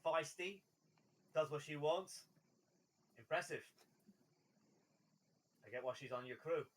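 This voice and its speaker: A cocky ship captain who sizes people up in short, dry sentences, played by a man running the game. The voice is slightly high. It is a tabletop-game role. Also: takes it slowly, fairly bright tone, recorded from a distance. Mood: appraising. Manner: dry, appraising, terse.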